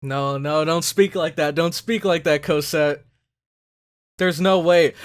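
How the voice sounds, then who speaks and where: A man giving casual reaction commentary, thinking out loud with lots of fillers and breaking into loud excited exclamations. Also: on the high side, slow pace, smooth. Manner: thinks aloud with many fillers. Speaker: anime reaction host.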